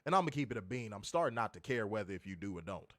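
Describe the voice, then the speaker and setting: A man's voice: fairly low pitch, sing-song, racing, fairly bright tone, dry recording, clean studio sound. A man co-hosting a wrestling review show, ranting in casual, profane talk and repeating words as he gets heated. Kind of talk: casual podcast rant.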